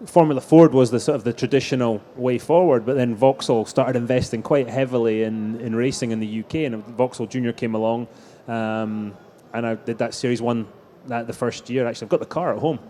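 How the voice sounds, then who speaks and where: Middle-aged guy on a live stage, mellow voice, rambling racing stories w restarts. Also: mid-range voice, steady tone, a little fast, few pauses, a little hiss or hum. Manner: anecdotal storytelling, frequent restarts. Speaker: racing driver guest.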